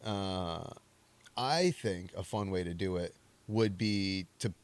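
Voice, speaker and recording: Low-voiced man rambling about movies. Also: slow pace, smooth. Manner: rambling, joking, self-mocking. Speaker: podcast host. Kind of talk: casual movie commentary.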